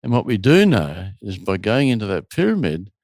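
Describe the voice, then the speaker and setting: This retreat host tells a long story during an interview, speaking at a moderate pace in a somewhat low voice. He's an animated narrator who acts out the people in his tale and their quotes. The recording has no echo.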